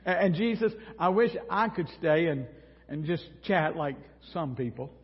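A frazzled, resentful housewife shrieking about doing all the work alone, put on by a male preacher. The voice sits high and husky, and a long hall echo hangs on it through a dull, lo-fi recording. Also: lively intonation, measured pace. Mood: sugary sarcastic. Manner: exasperated, shrill complaining. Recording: echoey hall, dull lo-fi sound.

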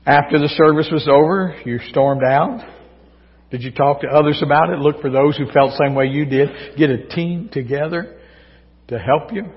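A man preaching a sermon to his congregation in a folksy, joking way, his voice a little hoarse because he is losing it. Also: a little high, normal speed. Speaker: pastor. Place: church sanctuary. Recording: distant, dull church recording with long reverb.

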